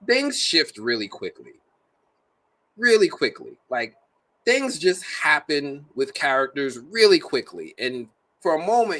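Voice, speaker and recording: A man's voice: a little high, measured pace. A man reviewing a movie in a casual, jokey, slang-filled way. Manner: animated, slangy, jokey delivery.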